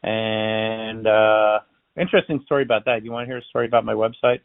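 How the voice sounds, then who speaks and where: Gravelly chatty man on a phone line. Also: fairly low pitch, a little fast, no echo. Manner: chatty, animated storyteller acting out dialogue. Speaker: balloon artist and magician. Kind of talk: casual interview storytelling. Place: based in Florida. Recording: tinny phone-line sound.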